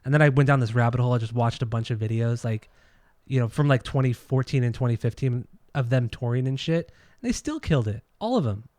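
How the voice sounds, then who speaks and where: A man's voice: medium pitch, expressive, fast, hardly any pauses, darkish tone, no room sound. Opinionated, swearing man co-hosting a podcast. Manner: opinionated, swears freely, argumentative. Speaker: podcast co-host. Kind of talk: casual chat about music and records.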